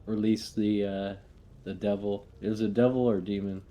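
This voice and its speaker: A man's voice: fairly low pitch, flat delivery, normal speed, noisy background. A man playing a tabletop game, hesitant and easygoing. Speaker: player. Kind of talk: casual tabletop play.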